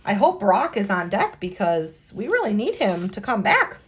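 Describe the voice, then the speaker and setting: Decorating her planner as she talks, a planner vlogger from the United States has a husky, medium-pitched voice with big pitch swings. Her casual chat is hesitant and halting, full of sighs and restarts, and comes across as sincere and heartfelt.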